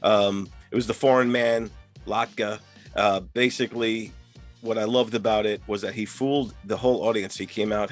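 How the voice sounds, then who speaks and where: A man's voice: lowish voice, moderate pace, faint music behind. A man hosting a podcast, chatting casually about comedians and laughing easily. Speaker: podcast host. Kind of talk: casual chat.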